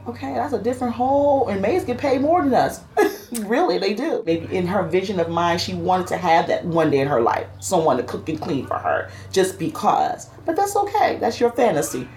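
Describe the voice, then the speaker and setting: A woman's voice: mid-range voice, sing-song, normal speed, darkish tone. A woman home care worker, telling her story with passion in an oral history interview.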